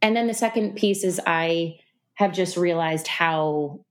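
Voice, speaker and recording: A woman guest on a podcast, talking in a relaxed, reflective way, with lots of fillers. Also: on the low side, a little slow. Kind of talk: casual interview conversation. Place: New York City.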